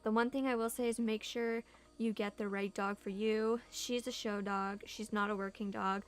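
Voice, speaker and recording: A woman's voice: mid-range voice, steady tone, normal speed, smooth. A young woman chatting casually in a home vlog, answering viewer questions and saying "like" a lot. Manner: chatty, heavy use of "like". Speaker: vlogger. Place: home room.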